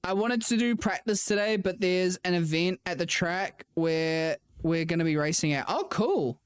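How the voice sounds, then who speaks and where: A woman's voice: lowish voice, steady tone, normal speed, smooth. A young woman racing driver streamer chatting casually with viewers, saying "like" a lot and laughing often. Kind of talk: casual livestream chat with viewers.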